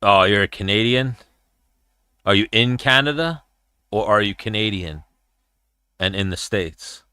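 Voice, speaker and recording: Blunt, bright-toned man hosting a chat. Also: lowish voice, lively intonation, measured pace, clean tone, dry recording, studio quality. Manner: blunt, profane, rambling. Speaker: podcast host. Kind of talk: casual livestream chat while watching fights.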